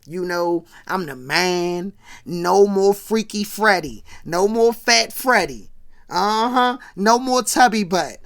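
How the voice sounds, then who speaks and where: A woman voicing a boastful, excited teenage boy who drags out his bragging slowly. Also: mid-range voice.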